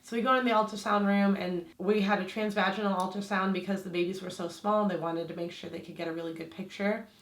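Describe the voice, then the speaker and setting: A woman's voice: medium pitch, steady tone, fast, hardly any pauses. Woman vlogging, slight lisp, chatty with lots of likes, echoey room. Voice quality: slight lisp from aligner trays. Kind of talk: casual storytelling to camera.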